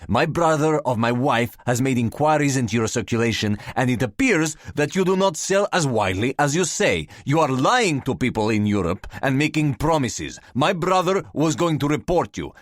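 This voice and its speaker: A man voicing a gruff, indignant foreign businessman with a gravelly Czech accent and broken English, speaking slowly and sternly. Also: fairly low pitch, dry recording, clean studio sound, close to an everyday voice. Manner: slow, stern, lecturing.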